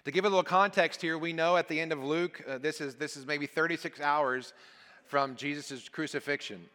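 Reading a scripture passage before explaining it, this guest preacher speaks at a moderate pace in a slightly high, bright, forceful voice. He is earnest and emphatic, letting his phrases fall at their endings, in a room with long church hall reverb.

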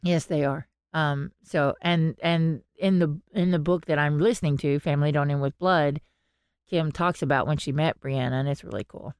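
A woman co-hosting a podcast, retelling stories with animated quoted voices. Her voice sits a little low for a woman. The sound is dry and close to the mic. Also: normal speed, smooth, no echo. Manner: animated storytelling, acting out quotes. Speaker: podcast co-host. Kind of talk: casual podcast chat.

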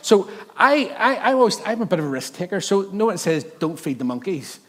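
A man preaching a sermon, telling funny stories in an animated, jokey way and interrupting himself often. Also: high voice, a little fast, long reverb tail. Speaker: pastor. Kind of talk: sermon with humorous storytelling.

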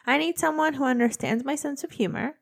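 A woman in her thirties co-hosting a casual podcast chat, an animated storyteller who acts out quotes. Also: high-pitched, a little fast, vocal fry. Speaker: podcast co-host.

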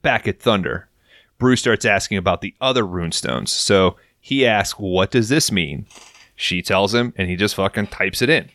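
A man's voice: fairly low pitch, moderate pace, fairly bright tone, no echo. A man hosting a podcast, casually recapping a TV episode and swearing freely while acting out lines. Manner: profane, joking, acts out quotes. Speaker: podcast host.

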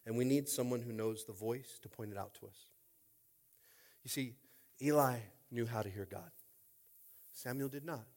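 A man preaching a sermon as pastor in a church, talking casually to the room and building up to loud, shouted passages. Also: mid-range voice, normal speed, pauses often. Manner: conversational preaching, rising to shouts. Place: church sanctuary.

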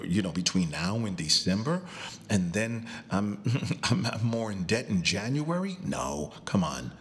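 A man preaching a sermon as pastor. He calls out to the congregation, swings up to loud cries and drops down to near whispers. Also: fairly low pitch, big pitch swings, unhurried, a little hiss or hum. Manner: preaching with call and response, rising to shouts and dropping to whispers.

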